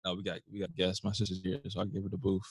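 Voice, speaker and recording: A man's voice: sits low, monotone, rapid-fire. A man hosting a podcast from his bedroom, chatting casually in a loose, profane, joking way. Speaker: podcast host. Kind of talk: casual chat.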